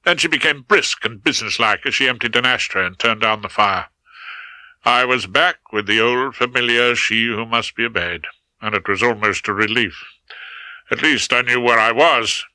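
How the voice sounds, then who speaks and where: A man's voice: lowish voice, normal speed, pushed and bright, dry recording, low-quality recording. A man reading a first-person audiobook with wry, dry humour. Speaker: audiobook narrator.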